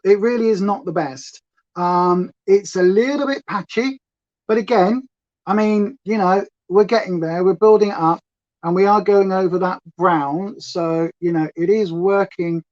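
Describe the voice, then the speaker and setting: A woman from Hampshire, England, with a southern English accent edged with a bit of Essex twang, rambles chattily at home while doing her makeup on a livestream, reading viewers' comments aloud and talking to both her audience and her dog. Her voice is medium-pitched, unhurried and slightly mellow, with the high frequencies cut off.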